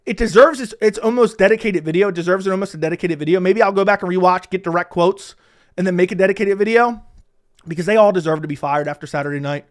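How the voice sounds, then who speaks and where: A high-voiced man talking fast delivers heated, opinionated solo commentary on an MMA fight card. He rants about the broadcasters and mocks people by imitating them in whiny voices.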